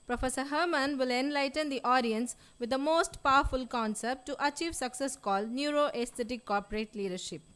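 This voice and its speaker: A woman's voice: sits high, a little fast, hardly any pauses, fairly bright tone, clear, resonant tone. A woman serving as emcee at a summit, formally reading out a speaker introduction. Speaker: event emcee. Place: college hall.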